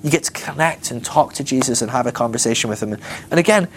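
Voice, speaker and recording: A man's voice: mid-range voice, fast, a little hiss or hum. A man teaching a ministry school class in a casual, joking way, acting out the voices of Bible characters. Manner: jokey, animated, acts out voices of Bible characters.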